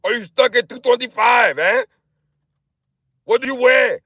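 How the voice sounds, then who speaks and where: A man's voice: very high voice, pushed and bright, voice pushed up, full character voice. A man putting on a boastful bodybuilder-trainer impression, barking hyped-up workout advice into a phone. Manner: barking, hyped-up coaching with drawn-out instructions.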